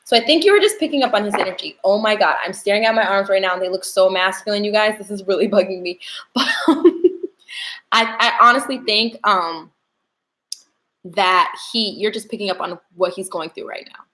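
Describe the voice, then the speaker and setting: A woman's voice: mid-range voice, brisk, fairly bright tone, echoey room, rough recording. A young woman, chatting casually with viewers during a tarot livestream. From New York.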